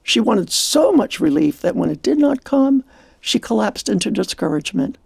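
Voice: medium pitch, sing-song, normal speed, vocal fry, a little mellow, husky, dry recording. A presenter on a Christian program, telling a story and quoting scripture in a reflective, preacherly way. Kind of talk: scripted devotional talk.

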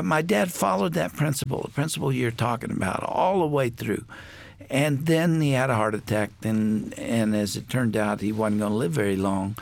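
An older man, a guest on a talk show, telling a personal family story in a reflective way with many pauses. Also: mid-range voice, creaky, dry recording.

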